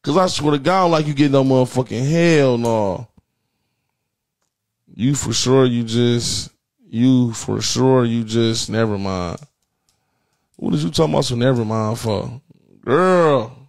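A man hosting a comedy call-in show with brash, profane energy. His voice sits at an ordinary pitch, but he often leaps high into squeals for effect. The delivery is loose, crude and animated. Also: a little slow. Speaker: host of a call-in prank show.

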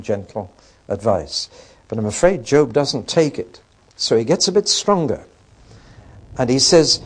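A man giving a conversational Bible lecture, with wry asides and rhetorical questions to his audience. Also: medium pitch. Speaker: Bible teacher.

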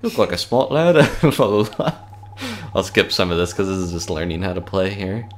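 Man, casual gameplay commentary, laughs a lot, lively pitch, faint background hiss. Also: quick pace. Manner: jokey, laughs often, reads game text aloud. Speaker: game commentator.

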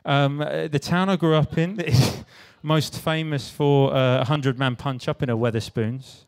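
A young man from the West Country of England speaks at normal speed in a medium-pitched voice with fairly even intonation. Giving a casual, stand-up style creative talk to a live audience at a venue, he swears, jokes and pokes fun at himself as he banters with the crowd.

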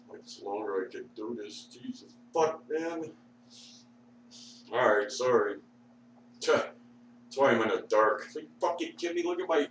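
Profane, grumbling low-voiced man. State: sore, struggling to talk. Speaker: vlogger. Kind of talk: rambling rant at the TV. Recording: echoey room, mic far off, faint hum.

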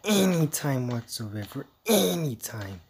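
A man playing a horror game, muttering jittery, exasperated commentary with hushed asides. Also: mid-range voice, very animated, takes it slowly, noisy background. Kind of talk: let's-play commentary.

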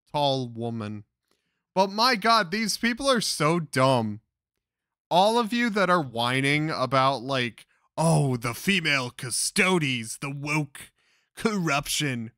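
A man's voice: fairly high pitch, bright, forceful tone, clean tone, no room sound, studio quality. A young man giving crude, exasperated commentary, swearing constantly as he reacts to clips. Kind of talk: profane ranting commentary.

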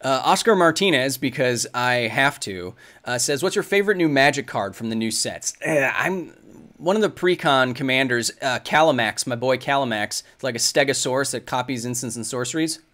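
Casting: male science host in his thirties, casual stream Q&A, rambling and thinking aloud, mid-pitched voice. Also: animated, moderate pace, a bit bright. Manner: rambling, thinks aloud with many fillers and restarts. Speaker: science video host answering viewer questions. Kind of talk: casual livestream Q&A.

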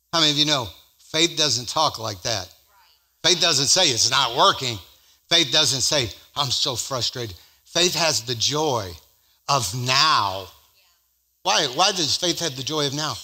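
A man preaching a sermon as pastor at a church service, swinging from loud emphatic peaks to slow, drawn-out scripture reading. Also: on the high side.

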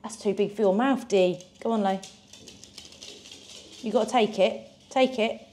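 A woman's voice: mid-range voice, moderate pace, warm tone, a little hiss or hum. Chatty woman vlogging. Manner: chatty, self-mocking, bubbly. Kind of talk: casual vlog chat. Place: shops and office, in and out.

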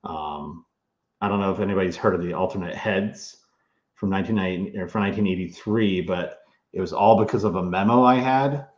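A man's voice: low-pitched, brisk, roomy sound, lo-fi sound. A man speaking as a guest author in a casual interview. He talks in a rambling way with lots of fillers and restarts. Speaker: toy historian and author, guest.

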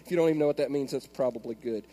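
A male pastor preaching a sermon in a church, moving between soft prayer and loud, animated storytelling. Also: medium pitch, racing, big-room sound. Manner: animated storytelling, swings from hushed prayer to shouting. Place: large church hall.

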